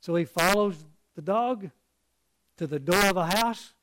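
An earnest male preacher delivering a sermon in a high voice. He speaks very slowly and haltingly, often stumbling and repeating words before carrying on. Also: fairly bright tone.

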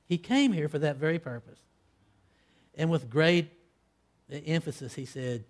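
A man preaching a sermon, acting out scripture dialogue, with loud emphatic peaks that fall to hushed, low line endings. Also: unhurried, pauses often. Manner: acts out quoted lines in old-fashioned scripture wording.

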